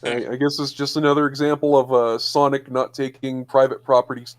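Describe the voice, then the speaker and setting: A man co-hosting a casual podcast chat, picking apart details with frequent pauses and restarts. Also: medium pitch, flat delivery. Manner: hesitant and analytical, with frequent fillers and restarts. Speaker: podcast co-host.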